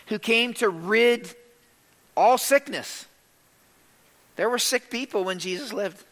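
A man preaching a sermon as pastor, emphatic and swinging between loud and hushed delivery. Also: high voice, in a large hall.

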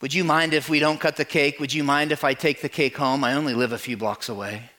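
A preacher voicing a tired woman in her late thirties, low and quiet. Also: fairly even intonation, brisk. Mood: hushed.

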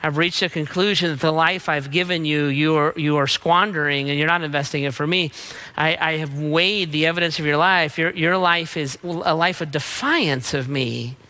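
A man's voice: on the high side, fairly even intonation, normal speed, sharp tone. A man preaching a sermon in a punchy, emphatic way, mixing in casual slang. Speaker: pastor.

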